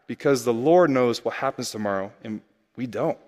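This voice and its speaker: Conversational preacher in a reverberant hall. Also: male voice, mid-range voice, normal speed, darkish tone. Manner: conversational, asks rhetorical questions. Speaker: pastor. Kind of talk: sermon.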